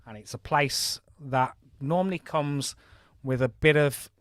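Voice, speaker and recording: A man's voice: fairly high pitch, unhurried, fairly bright tone, dry recording. A man from Birmingham with a mild Birmingham accent, hosting a game live stream in a chatty, friendly way, reading out scores and thanking viewers. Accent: mild Birmingham English. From Birmingham, England. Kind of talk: live game commentary and chat.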